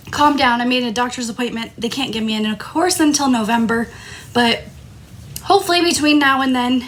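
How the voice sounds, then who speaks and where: Woman, a bit high-pitched, coughing from a scratchy throat, apologetic, casual live stream chat. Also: a bit bright. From Tucson, Arizona. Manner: apologetic, chatty. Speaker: crafting host.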